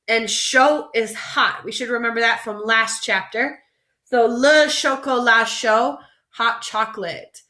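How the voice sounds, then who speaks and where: A woman French teacher leading a vocabulary lesson, slowly drawing out each word for students to repeat. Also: a little high, sharp tone, echoey room. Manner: slow, drawn-out modeling of words for repetition.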